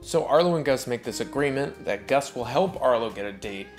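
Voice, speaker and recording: A man's voice: mid-range voice, lively intonation, fairly quick, soft background music. Sarcastic, swearing male movie reviewer. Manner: sarcastic, profane, mock-outraged. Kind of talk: comedic voice-over commentary.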